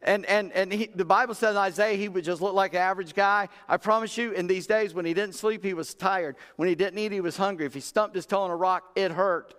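A man's voice: high voice, fairly even intonation, a little fast, hardly any pauses, a bit bright, smooth. A man preaching a sermon in a folksy, conversational way, acting out Bible characters in everyday talk. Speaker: pastor. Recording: long reverb of a large room.

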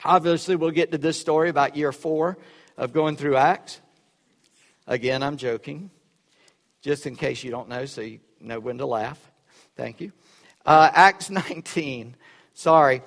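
A male pastor preaching a sermon, swinging between loud emphatic lines and quiet, joking asides. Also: fairly high pitch, a little slow, creaky, long pauses. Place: church sanctuary. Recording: echoey hall with long reverb.

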